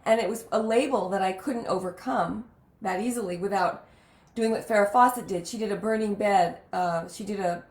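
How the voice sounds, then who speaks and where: A woman's voice: medium pitch, moderate pace, darkish tone, reverberant. A woman podcast host chatting casually and telling stories emphatically. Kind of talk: casual chat.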